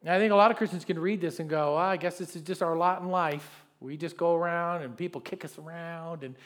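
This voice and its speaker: A man preaching a sermon as pastor, telling stories and reading scripture, swinging from loud to soft. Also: fairly high pitch, brisk. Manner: reads scripture aloud, with fillers and restarts.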